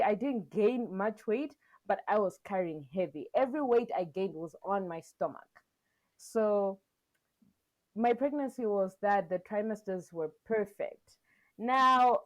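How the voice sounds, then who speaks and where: A young woman co-hosting a podcast, chatting casually and telling her story with animated quotes and frequent laughs. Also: mid-range voice. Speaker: podcast co-host.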